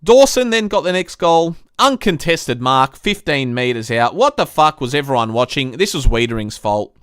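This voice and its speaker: A man's voice: mid-range voice, very animated, normal speed, a bit bright, clean tone, dry recording, clean studio sound. A young man hosting a live-stream football review, venting frustration with swearing as he recaps the game like a fed-up fan. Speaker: sports review host.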